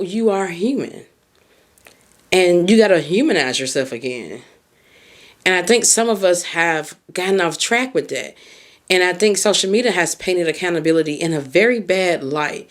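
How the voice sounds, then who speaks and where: A woman hosting a podcast as a mindset coach, giving heartfelt advice and speaking straight to the listener. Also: measured pace. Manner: expressive pitch swings on emphasis.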